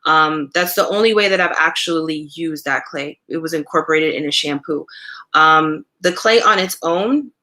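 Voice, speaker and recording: Bright-voiced woman hosting a chatty live stream. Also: low-pitched, moderate pace. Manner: conversational, relaxed, many fillers like "um" and "you know"; answers viewer questions from chat. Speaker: natural hair care host.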